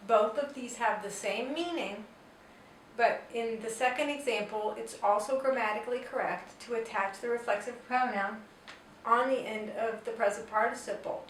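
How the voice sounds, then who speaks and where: A woman's voice: a little high, normal speed, fairly bright tone. A woman teaching a Spanish grammar lesson, explaining patiently and step by step with example sentences. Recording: roomy echo, distant mic, faint noise.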